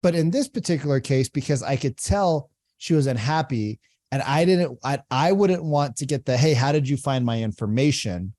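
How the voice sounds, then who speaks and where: A man with an expressive, mid-range voice and a darkish tone speaks at a moderate pace, with no room sound. Hosting a podcast, he explains sales-call technique in coaching commentary, repeating phrases and often asking "right?".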